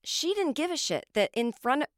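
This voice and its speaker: An American woman hosting a podcast, telling comic stories in an animated way, swearing freely and acting out the people she quotes. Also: sits high, moderate pace, no room sound, clean studio sound. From United States. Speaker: podcast host, comedian. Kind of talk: comic storytelling monologue.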